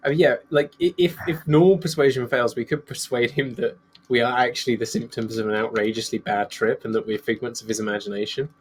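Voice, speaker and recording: A man's voice: mid-range voice, steady tone, a little fast, slight background noise. A man playing a tabletop game, chatting casually and laughing easily. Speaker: player.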